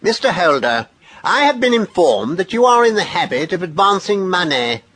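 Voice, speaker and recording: Brisk, imperious nobleman, read by a male narrator, fairly high and husky. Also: big pitch swings, fairly bright tone, full character voice. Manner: curt, imperious. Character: aristocratic nobleman, brisk and lofty.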